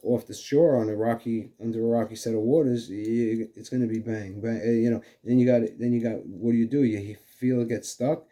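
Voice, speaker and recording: Dark-voiced New York man. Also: medium pitch, fairly even intonation, brisk, few pauses. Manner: rambling, many fillers like "you know". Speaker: fishing channel host. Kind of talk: casual lure demonstration.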